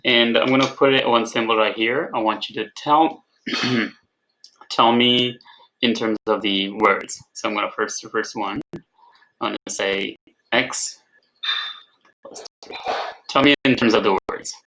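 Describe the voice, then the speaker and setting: A man's voice: medium pitch, steady tone, measured pace, long pauses, bright, forceful tone, a little hiss or hum, low-quality recording. A man tutoring algebra over a video call, patient, repeating his prompts and checking for understanding. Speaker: math tutor. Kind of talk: online tutoring session.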